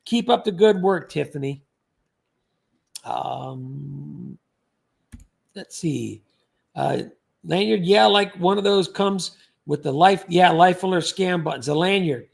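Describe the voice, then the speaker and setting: A man's voice: a little high, lively intonation, takes it slowly, gravelly, pauses often, breathy edge. A man hosting a casual livestream, rambling and joking as he reads out viewer comments and thanks people by name.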